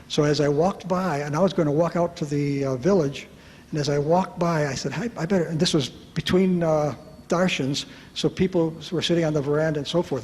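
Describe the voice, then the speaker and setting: A man telling a personal story to an audience at a retreat, lively and self-mocking, acting out the voices of the people in it. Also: a little high. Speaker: speaker at a retreat. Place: large hall at a retreat. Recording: reverberant hall with faint background noise.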